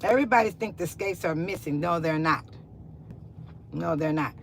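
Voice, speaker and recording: A woman giving a casual walking-tour vlog, chatty and repetitive with sudden loud exclamations, recorded on a handheld phone while driving and walking outdoors. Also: on the low side, normal speed, vocal fry, a little hiss or hum, rough recording. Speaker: local vlogger.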